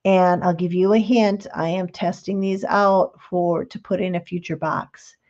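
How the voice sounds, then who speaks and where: A woman's voice: on the low side, steady tone, unhurried, a little mellow, lo-fi sound. A middle-aged woman hosting a live craft demonstration, chatting in a homey, explanatory way. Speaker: craft show host.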